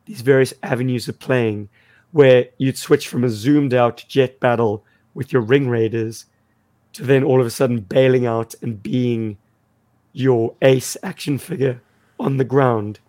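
A man co-hosting a podcast in casual chat, with a croaky voice and an enthusiastic storytelling manner. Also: mid-range voice, fairly even intonation, a little slow, dark tone. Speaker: podcast co-host.

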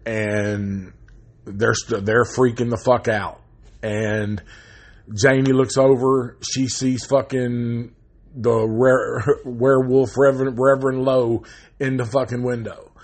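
A man recapping a horror movie in a casual, rambling, heavily profane way that turns loud and animated when he rants. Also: mid-range voice, slow pace. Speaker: movie reviewer.

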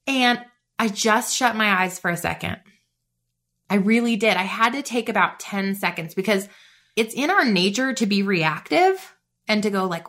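A woman's voice: medium pitch, lively intonation, moderate pace, a bit bright. A woman hosting a faith-based motivational podcast, chatty and bubbly with lots of "like.". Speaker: podcast host.

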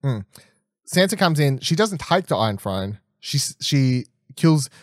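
A young man chatting casually as a podcast co-host, rambling and animated, swearing freely and restarting often. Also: mid-range voice, measured pace, dry recording, clean studio sound. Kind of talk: casual chat, TV episode predictions.

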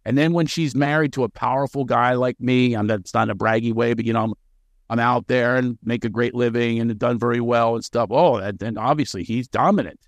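A man who works as a comedian, a guest on a podcast, telling stories with energy and jumping into quick character voices. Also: medium pitch, fairly even intonation, dry recording. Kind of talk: animated podcast storytelling.

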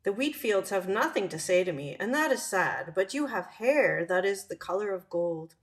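A woman voicing a wise, gentle male fox in a calm, measured storybook reading. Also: medium pitch. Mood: wistful.

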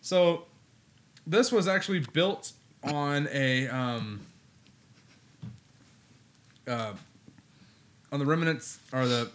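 A man's voice: on the high side, drawn-out words, long pauses. A man co-hosting a casual podcast, talking in a laid-back, rambling way with plenty of fillers. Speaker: podcast co-host.

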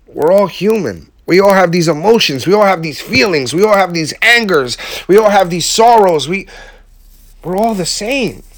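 A man's voice: sits high, lively intonation, moderate pace, no room sound, studio quality. A man giving a heartfelt, casual motivational talk to his viewers, using slang and emphatic repetition. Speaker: vlogger speaking to his audience.

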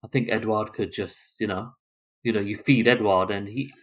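A man with a fairly low voice co-hosting a relaxed football podcast. He talks in quick, chatty runs, stacking up one possibility after another as he thinks out loud. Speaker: podcast co-host. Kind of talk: casual football chat.

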